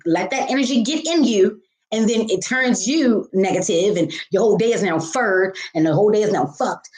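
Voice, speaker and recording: A woman's voice: medium pitch, darkish tone. A woman tarot reader giving a casual spiritual talk to her viewers, candid and profane, calling them baby and honey.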